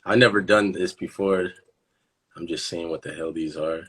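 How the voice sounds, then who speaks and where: A man's voice: sits low, moderate pace, fairly bright tone, slightly rough. A man hosting a casual phone livestream, joking around and trying out silly voices. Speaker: livestream host.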